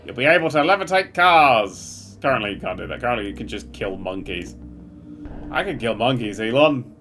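A man giving loud, swearing, excitable live commentary while streaming a game, with sudden yelps and laughs. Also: mid-range voice, moderate pace, slight background noise.

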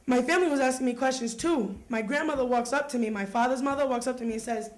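A teenage girl with a fairly high voice delivers a comic personal monologue in a relaxed, conversational manner. She tells it wryly, like chatting with friends, on a small youth stage. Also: quick pace. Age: teens. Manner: conversational, wry storytelling.

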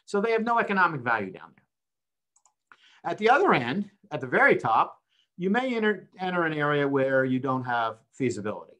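A man's voice: fairly high pitch, very animated, normal speed, a bit bright. An older man, a professor of accounting, giving an online seminar lecture, explaining step by step with rhetorical questions and frequent "right?" checks.

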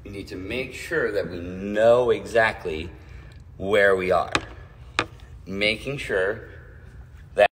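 A man's voice: on the low side, slow pace, long pauses, slight background noise. A man teaching a streamed ballet class from home, counting out steps and checking in with his students. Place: home room, dancing away from the camera. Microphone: phone or camera mic from across the room. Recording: roomy, distant, with piano music. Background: piano music playing.

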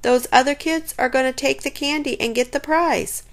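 A woman's voice: high voice, normal speed, pitched above the performer's own voice. A woman voicing an eager, pushy young boy in a children's story reading.

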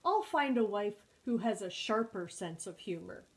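A woman voicing a lonely male porcupine in a storybook, crooning a slow sing-song tune. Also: medium pitch, animated, close to an everyday voice. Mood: grumbling.

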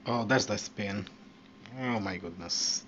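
A man giving casual commentary while he plays a pool game, reacting loudly and often swearing at what happens on screen. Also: fairly low pitch, takes it slowly. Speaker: gaming channel host. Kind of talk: casual live gameplay commentary. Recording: dull lo-fi mic with steady background noise.

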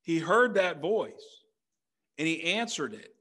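A middle-aged man preaches a sermon from the pulpit in an earnest, conversational way. He keeps turning to the congregation with rhetorical questions, and his voice sits a little higher than most men's. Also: very animated, takes it slowly, bright, forceful tone. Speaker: pastor. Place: church sanctuary.

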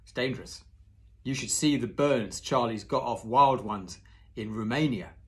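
A man's voice: medium pitch, measured pace, close to an everyday voice. A man reading aloud and voicing a young schoolboy who explains things in a matter-of-fact, lecturing way.

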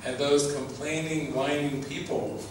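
A man's voice: fairly high pitch, fairly even intonation, unhurried. A man giving an informal spiritual talk as a teacher, earnest and often laughing, repeating his words. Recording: echoey, distant mic with background noise.

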